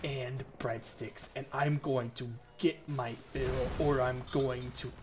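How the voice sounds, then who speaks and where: A man's voice: mid-range voice, steady tone, takes it slowly, background noise, lightly acted. A man playing an unhinged, obsessive middle-aged dad who makes intense threats. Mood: menacing.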